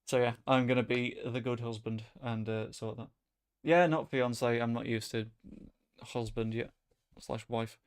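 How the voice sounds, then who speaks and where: A man chatting casually as he streams a football management game, rambling and breaking into sudden excited outbursts. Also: mid-range voice, a little slow, clean tone. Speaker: gaming streamer. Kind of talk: casual gameplay commentary.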